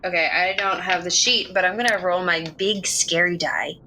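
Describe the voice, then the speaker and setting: A woman's voice: fairly low pitch, normal speed, heavy background noise. A woman playing a tabletop role-playing game, chatting in a bubbly way with lots of fillers. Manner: bubbly, filler-heavy, animated. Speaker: player.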